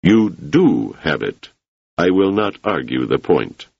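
A man reading the part of an ambitious, forceful male politician who talks in an urging, insistent way. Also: low-pitched, very animated, takes it slowly, gravelly, no echo, dull audio, heavily acted.

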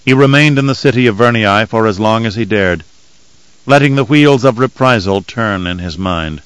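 Guy reading an audiobook, low pitch, steady measured delivery, dry close sound. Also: smooth, dry recording, rough recording. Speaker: audiobook narrator. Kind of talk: scripted audiobook narration.

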